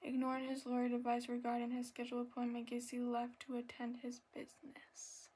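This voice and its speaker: A woman reads aloud in a soft ASMR voice, breathy and a little out of breath. Her voice sits fairly high but stays flat and even, with few rises or falls. She trips over words, apologizes, and now and then sinks into a whisper. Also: fairly quick. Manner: soft reading with stumbles and apologies, slipping into whispers. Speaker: ASMR channel host.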